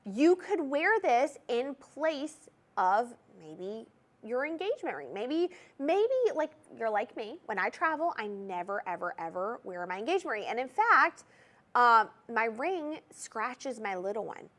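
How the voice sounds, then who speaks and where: A woman's voice: fairly high pitch, very animated, a little slow, a bit bright. A young woman with a Southern US accent hosting a live TV jewelry sales show, talking chattily and checking in with viewers. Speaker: shopping channel jewelry host.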